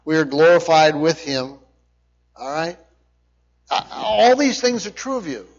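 A man's voice: fairly high pitch, big pitch swings, measured pace. A man preaching a sermon, repeating his points emphatically and checking in with his listeners. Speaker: pastor. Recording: dull lo-fi sound.

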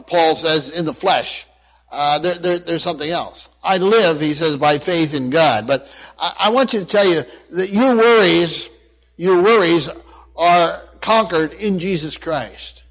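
Higher-voiced man preaching, lo-fi. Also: measured pace, fairly bright tone. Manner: earnest preaching with scripture reading and repeated phrases. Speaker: pastor. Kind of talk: sermon. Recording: dull lo-fi recording.

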